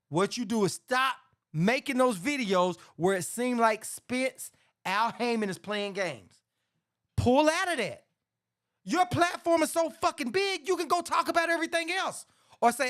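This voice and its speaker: Hosting a casual sports talk show, a middle-aged man rants profanely about boxing, growing heated and dropping "man" again and again. He sounds very high-pitched and animated yet unhurried, with a slightly bright quality.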